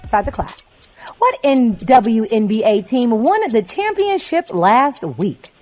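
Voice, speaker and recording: A woman's voice: a little high, sing-song, takes it slowly, a little mellow. A woman co-hosting a radio quiz game, coaxing the contestant playfully. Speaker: co-host reading quiz questions.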